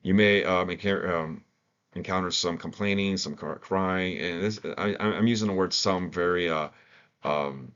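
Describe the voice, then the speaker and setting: Very deep-voiced man, halting training talk. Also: fairly bright tone, clean tone. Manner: hesitant, many fillers and restarts. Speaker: staff trainer. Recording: dull lo-fi recording.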